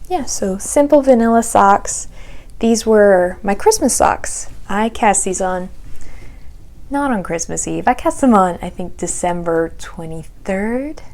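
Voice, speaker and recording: A young adult woman hosting a podcast, chatting casually about her knitting projects and sometimes slipping into a soft whisper. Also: medium pitch. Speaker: podcast host.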